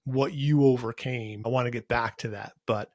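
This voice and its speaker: An earnest man hosts a podcast conversation, stressing his points and stumbling over repeated words when excited. His voice sits in a middle pitch, recorded close and dry. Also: moderate pace, dry recording. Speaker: podcast host. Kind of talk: casual interview chat.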